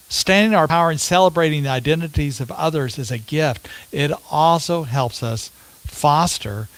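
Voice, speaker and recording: A male minister preaching a sermon in an unhurried storytelling way, with rhetorical questions to his listeners. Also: fairly high pitch, fairly bright tone, no room sound.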